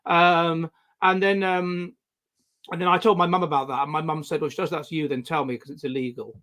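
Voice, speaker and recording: A man in his forties talks in a high voice, circling back and restarting as he tells his stories. His delivery is loose and conversational. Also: flat delivery, bright, forceful tone. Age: 40s. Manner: rambling, halting storytelling with many restarts. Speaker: guest. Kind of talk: casual conversation.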